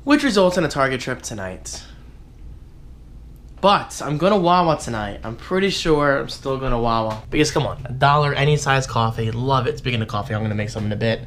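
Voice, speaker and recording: Upbeat man vlogging his day, chatty and animated, voice swinging up and down. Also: mid-range voice, brisk, a little hiss or hum. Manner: chatty, animated, joking asides to viewers. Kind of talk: casual daily vlog chat.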